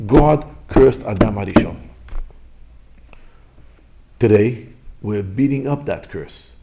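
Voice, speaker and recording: Gravelly man preaching in broken English. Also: medium pitch, mellow, a little hiss or hum. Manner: emphatic, repetitive, rhetorical questions, broken English. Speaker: religious teacher. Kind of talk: sermon.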